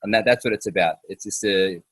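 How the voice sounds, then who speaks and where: A man's voice: lowish voice, fast, a bit bright, slightly rough, no echo. A man hosting a casual interview outdoors, talking hesitantly with many fillers and restarts. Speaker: podcast host.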